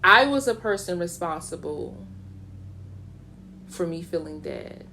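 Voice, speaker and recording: A woman's voice: lowish voice, measured pace, creaky, slight background noise. A middle-aged woman hosting a casual radio talk show, speaking in a motivational, preachy way and sometimes mocking other people's voices. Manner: animated, preachy, slips into mocking quoted voices.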